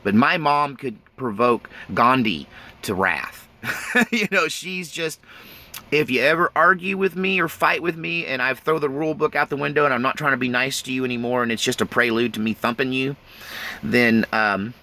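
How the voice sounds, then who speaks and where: Recounting his own life in a casual, folksy way, this man speaks bluntly at a normal speed in a sharp, mid-range voice. He often laughs nervously as he goes.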